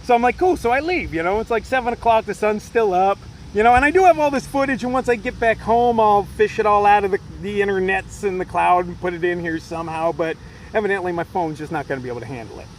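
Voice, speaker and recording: A man's voice: sits high, quick pace, slight background noise, rough recording. A man, a solo hiker, telling a rambling story in a profane, agitated way, full of fillers. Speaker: solo trail hiker vlogger. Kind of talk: rambling casual rant.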